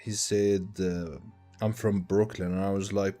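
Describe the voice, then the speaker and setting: A man with a lowish voice, rambling loosely through a swear-filled livestream chat. Faint music plays underneath him. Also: flat delivery, a little slow, mellow. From Tunisia. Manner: loose, profane, rambling storytelling. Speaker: game streamer.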